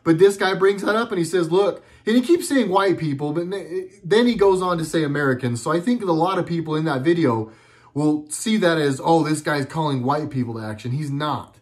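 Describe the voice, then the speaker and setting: Earnest, halting middle-aged man, slightly high voice. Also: darkish tone. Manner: rambling, earnest, halting with many restarts. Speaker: video blogger. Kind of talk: casual monologue to camera. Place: at home.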